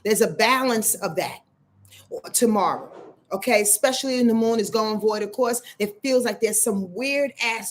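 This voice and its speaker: A woman with a fairly high voice hosts a casual astrology livestream. She is loose and slangy, breaks into laughs, and clears her throat now and then. She mentions that her back is sore. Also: normal speed. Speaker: astrology channel host.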